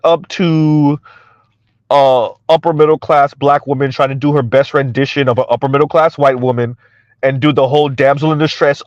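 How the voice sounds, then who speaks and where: A man's voice: mid-range voice, steady tone, moderate pace, no echo, muffled recording. A man giving a mocking reaction commentary, stammering and repeating himself as he jeers. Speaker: commentary vlogger.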